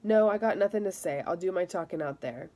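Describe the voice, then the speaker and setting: A woman's voice: fairly low pitch, brisk, close to an everyday voice. Brash teenage soccer captain, as a woman reads him. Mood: defiant. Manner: loud, protesting, pushy.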